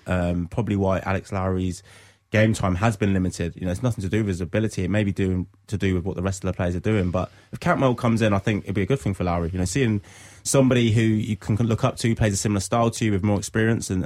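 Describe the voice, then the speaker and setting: A man's voice: sits low, darkish tone, dry recording, studio quality. A man speaking as a football pundit on radio, analytical, with frequent restarts. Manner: quick, hesitant restarts, analytical.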